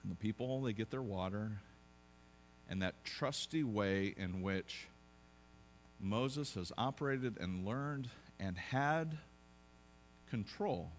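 A pastor preaching a sermon, telling a story conversationally with joking asides and frequent restarts. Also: male voice, on the low side, expressive, slow, pauses often, a little hiss or hum.

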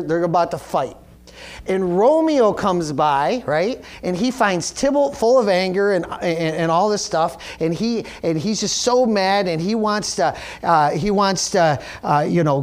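Preaching as a pastor, a man loosely retells a story, full of fillers and false starts. He rises higher and louder as he presses his point.

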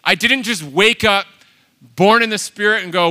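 A man preaching a sermon, animated and emphatic, swinging between loud exhortation and quiet asides. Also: high voice, normal speed. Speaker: pastor.

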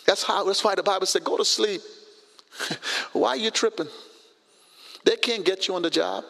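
A man in his sixties preaching a sermon as pastor, animated, acting out conversations with sudden jumps in pitch. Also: normal speed, creaky, big-room sound.

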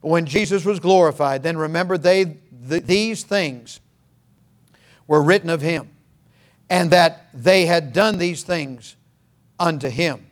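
High-pitched pastor guy preaching, gets shouty and fervent. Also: a little slow. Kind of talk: sermon.

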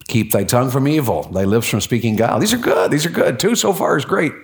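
A man's voice: medium pitch, expressive, fast, vocal fry. A man leading a church class, folksy and encouraging, asking the room for verses. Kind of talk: interactive sermon.

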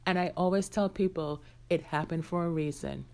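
A woman's voice: lowish voice, normal speed, vocal fry, darkish tone. A woman hosting her own podcast, telling a personal story candidly and talking straight to her listeners. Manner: candid, conversational, addresses listeners directly. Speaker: podcast host.

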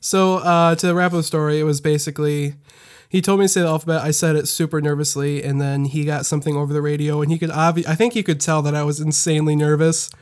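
Hesitant young man, higher voice. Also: level tone, fast, smooth. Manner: hesitant, lots of ums, laughs easily. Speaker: podcast co-host. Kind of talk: casual storytelling.

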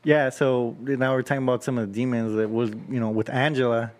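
A man's voice: medium pitch, steady tone, a little fast. A man co-hosting a casual movie chat, retelling the plot hesitantly with many fillers. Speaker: podcast co-host.

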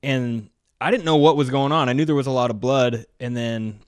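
A man's voice: medium pitch, steady tone, normal speed, smooth, dry recording. A man hosting a podcast in casual chat, blunt and joking, swearing casually. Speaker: podcast host.

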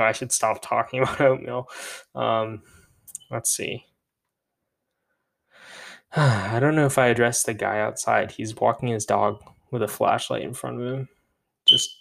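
A man's voice: medium pitch, fairly even intonation, measured pace, vocal fry, pauses often, fairly bright tone. A young man, a podcast co-host, chatting alone in a rambling, self-mocking way. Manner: rambling, self-deprecating, laughs at himself. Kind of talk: rambling solo podcast chat.

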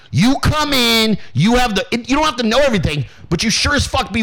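The recording is rough, and the man's high voice comes across pushed and bright. He hosts his own podcast, launching into a brash motivational rant full of constant swearing while impersonating the voices of those he quotes.

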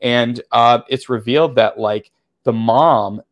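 A man's voice: mid-range voice, slow, lo-fi sound. A man co-hosting a movie review podcast, rambling casually as he retells the plot. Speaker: podcast co-host.

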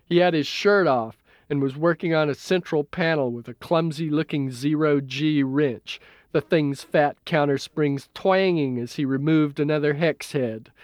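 A man narrating a novel as an audiobook in a measured, even reading. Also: a little high, no echo, clean studio sound. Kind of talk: scripted narration.

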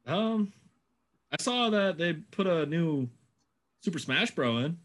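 A man's voice: fairly high pitch, animated, takes it slowly. A man co-hosting a casual chat, joking along and laughing often. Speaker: podcast co-host.

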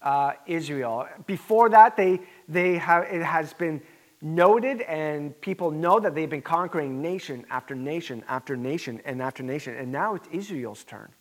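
A pastor preaching a sermon in an earnest, emphatic way, with conversational asides. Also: male voice, fairly high pitch, expressive, moderate pace.

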